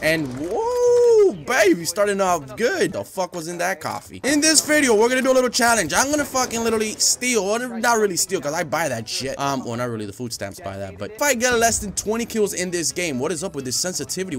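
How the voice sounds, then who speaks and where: A young man giving loud, profane, raging commentary while playing a shooter game. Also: high-pitched. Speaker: gaming YouTuber. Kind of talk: live gameplay commentary.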